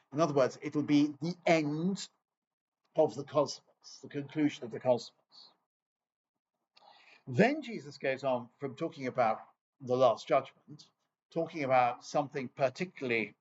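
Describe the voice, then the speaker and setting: A man's voice: mid-range voice, lo-fi sound, a little hiss or hum. A man from England giving an informal lecture on scripture, chatty and digressive with wry asides.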